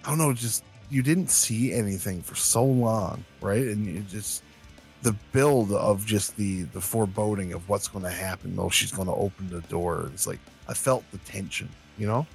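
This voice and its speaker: A man's voice: fairly low pitch, moderate pace, vocal fry, faint music behind. A young man co-hosting a podcast, speaking in a hesitant, rambling way with frequent restarts. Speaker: podcast co-host. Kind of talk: casual chat.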